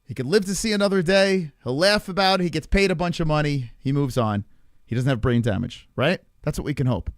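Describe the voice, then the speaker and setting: A man hosting a livestream, loud and profane, reacting to a clip and talking to his chat. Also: on the high side, brisk, no echo, clean studio sound. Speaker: livestream host. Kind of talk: casual livestream commentary.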